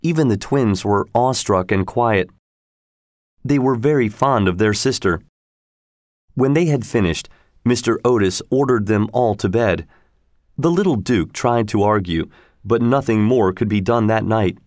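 A man's voice: on the low side, dry recording. Man reading a storybook, dry and close. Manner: steady, measured reading. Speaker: narrator. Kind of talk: storybook narration.

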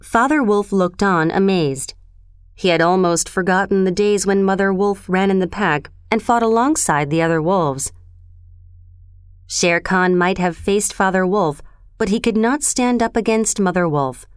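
A woman narrating a storybook in a steady, expressive reading voice. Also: mid-range voice, a little slow, smooth, no echo, studio quality.

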